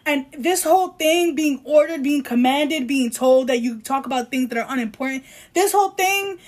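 A woman co-hosting a casual podcast chat, ranting in a heated, emphatic way and reading quotes aloud in mock voices. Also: high voice. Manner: heated, emphatic, rapid ranting with apologies for shouting. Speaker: podcast co-host.

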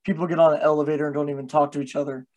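A young man hosting a podcast in a loose, casual way. He swears freely and laughs at himself, and his voice sits a little higher than most men's. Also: flat delivery, rapid-fire, darkish tone, dull audio. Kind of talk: casual chat.

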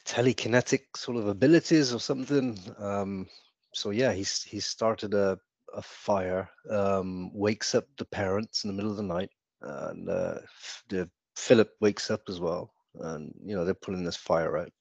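A man guesting on a podcast, talking about comics in a hesitant, soft-spoken way with many restarts. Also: on the low side, measured pace, creaky, no echo, highs cut off. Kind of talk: casual chat about comics.

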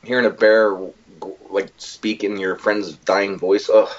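A man co-hosting a casual podcast chat, retelling a film in a rambling, profane, animated way. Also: on the low side, unhurried, dull audio. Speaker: podcast co-host.

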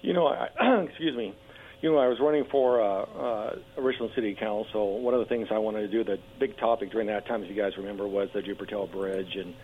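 A man with a very low, gravelly voice speaks eagerly in a radio interview, stumbling over restarts and fillers. He is hoarse, losing his voice. The call comes through a tinny phone line with a faint hum behind it. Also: brisk. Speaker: political candidate guest.

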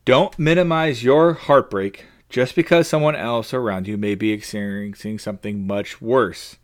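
A man's voice: on the low side, normal speed. Earnest man hosting a faith podcast. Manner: earnest and personal, openly emotional. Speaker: podcast host. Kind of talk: faith-based podcast monologue.

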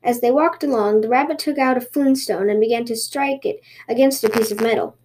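A woman podcast host reading a folktale aloud in a lively storytelling way. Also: fairly high pitch, a little fast.

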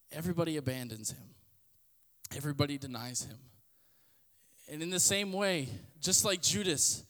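A man's voice: fairly bright tone, big-room sound. A man giving a casual sermon on a podcast, talking conversationally and acting out quotes in changing voices. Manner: conversational, acts out quotes with shifting pitch. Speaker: podcast host preaching.

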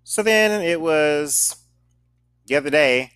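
A man's voice: on the high side, expressive, takes it slowly, a bit bright, clean tone, no room sound. Sarcastic, foul-mouthed man with Southern accent. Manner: profane, sarcastic, blunt. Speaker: podcast host telling a story. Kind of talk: casual storytime monologue.

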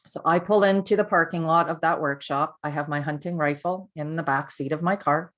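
A woman's voice: sits low, fairly quick. A middle-aged woman, a podcast guest, recounting her personal story candidly and earnestly, often restarting her sentences.

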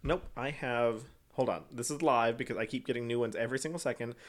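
A man hosting a casual podcast chat, giggly and animated, laughing often. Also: medium pitch, quick pace. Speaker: podcast host.

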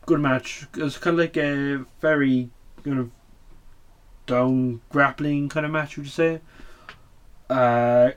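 A man hosting a casual show recap, blunt and opinionated, swearing often and full of fillers. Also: mid-range voice. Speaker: wrestling podcast host.

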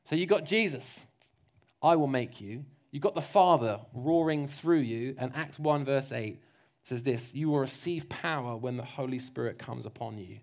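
A man preaching a lively, jokey sermon, slipping into mock voices to make his points. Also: medium pitch, moderate pace.

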